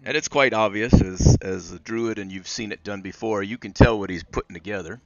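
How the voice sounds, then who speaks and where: A man's voice: on the low side, a little fast, gravelly, dry recording, lo-fi sound, faint music behind. A man narrating as game master of a tabletop game, drawling with many fillers.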